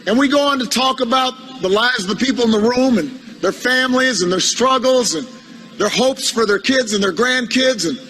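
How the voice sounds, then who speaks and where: A politician delivers a humorous anecdote in a high, bright voice. He speaks haltingly and doubles up words as he goes. His tone stays wry throughout. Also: slight background noise, low-quality recording. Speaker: politician giving a speech.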